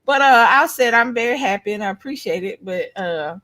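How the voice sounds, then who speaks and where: High-voiced woman telling blunt stories. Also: a little fast. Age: middle-aged. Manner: animated storytelling, blunt and profane. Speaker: co-host. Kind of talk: casual chat.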